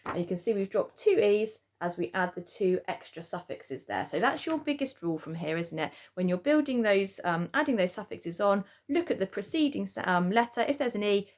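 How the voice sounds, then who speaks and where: A woman's voice: medium pitch, a little hiss or hum. A woman teacher giving a spelling lesson to children at home, chatty and explaining patiently with frequent "okay?" check-ins. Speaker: primary school teacher.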